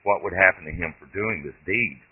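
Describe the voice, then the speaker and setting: A man, the author, reading his own short story aloud in steady, plain storytelling. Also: low voice, a little fast, slightly rough. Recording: tinny lo-fi phone-like audio.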